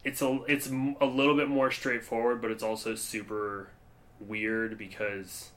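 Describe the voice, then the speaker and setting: A man's voice: lowish voice, level tone, a little slow, a bit bright. A young man co-hosting a podcast, talking casually and rambling with lots of fillers and frequent laughs. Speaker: podcast co-host. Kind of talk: casual chat.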